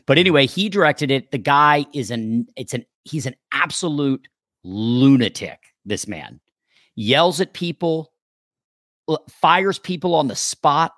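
A man's voice: a little high, a little slow, no room sound, clean studio sound. A man, an actor, telling a story in casual chat and acting out the people he quotes. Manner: animated, acts out quoted dialogue. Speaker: actor guest.

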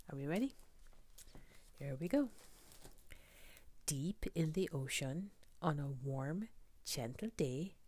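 A woman reading a children's picture book aloud, soft and often whispered, asking the listener questions. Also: low voice. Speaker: storybook reader.

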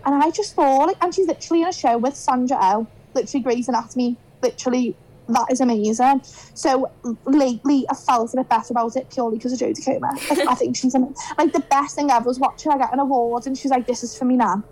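Chatty high-voiced Scouse woman. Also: fast, rough recording. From Liverpool, England. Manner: chatty, animated storytelling, acts out quoted dialogue. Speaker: guest. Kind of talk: casual podcast chat.

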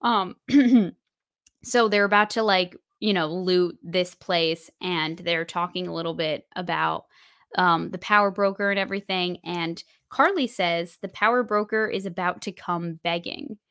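A woman's voice: lowish voice, a little slow, a bit bright, no echo, studio quality. A woman co-hosting a podcast, chatting casually through an episode recap with plenty of fillers. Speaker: podcast co-host. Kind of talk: casual spoiler recap chat.

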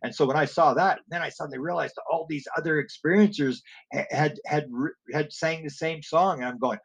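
A man's voice: a little high, rough recording. A man telling long rambling stories in an interview, acting out the exchanges he quotes, with frequent restarts. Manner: digressive storyteller, acts out quoted exchanges, many restarts. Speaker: guest telling stories about music and alien experiencers. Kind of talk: rambling anecdotal interview talk.

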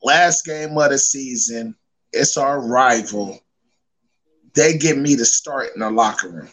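A man telling stories as a podcast guest, animated and slangy in casual chat. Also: medium pitch, a little slow, poor audio.

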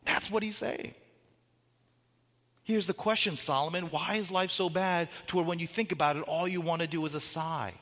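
A man preaching a sermon as a pastor, animated, with dramatic quotes and rising emphasis. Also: a little high, fairly quick, few pauses, long reverb tail.

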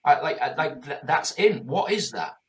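A man's voice: fairly high pitch, very animated, moderate pace. A man in his forties speaking in a passionate, emphatic and heavily profane conversational way as a guest. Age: 40s.

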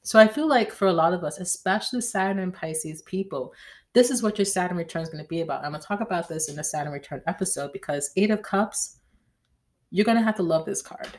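A woman's voice: lowish voice, lively intonation, fast. A woman hosting a podcast in a casual, chatty way, often checking in with "right?". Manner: chatty, tags lines with "right?", slangy. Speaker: podcast host. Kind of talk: casual astrology chat.

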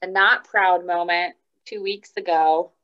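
A woman co-hosting a casual chat, telling a story about her child with lively energy. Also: fairly low pitch, unhurried. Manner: animated storyteller. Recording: dull lo-fi sound.

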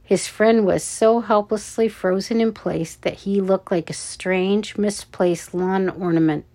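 A woman reading a children's adventure story aloud, with deliberate, measured narration. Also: mid-range voice, fairly even intonation, dark tone.

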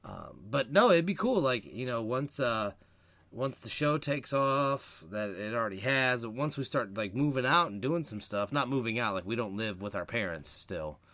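A man's voice: mid-range voice, no echo. A man from Ohio co-hosting a podcast, chatting casually and joking in a teasing way. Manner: jokey, animated, quick to tease. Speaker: podcast co-host.

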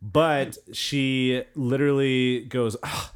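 An animated storyteller co-hosting a casual podcast, this man tells a story full of lively, acted-out quoted voices. He has a mid-range voice and keeps a moderate pace.

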